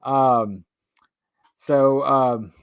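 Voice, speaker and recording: A man's voice: mid-range voice, steady tone, extremely slow, smooth, dry recording. A man hosting a live stream, chatting casually in a rambling, wry way and drifting off topic while he talks to viewers.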